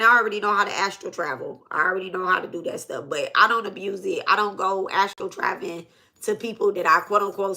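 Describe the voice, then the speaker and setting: Bright-voiced woman telling a profane story. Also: mid-range voice. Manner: profane, emphatic, repeats herself. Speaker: spiritual reader and vlogger. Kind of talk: casual storytelling monologue.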